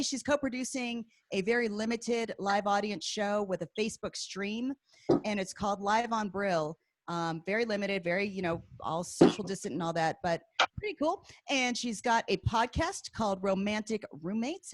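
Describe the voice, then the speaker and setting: A woman's voice: medium pitch, expressive, moderate pace, a little hiss or hum. A woman hosting a comedy show over a video call, upbeat and loose, laughing between introductions. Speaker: host.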